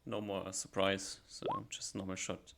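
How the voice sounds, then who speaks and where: Gravelly low-voiced man running a tabletop game. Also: level tone, unhurried, background noise. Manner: loose, filler-heavy narration. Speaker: game master. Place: home setup, live stream.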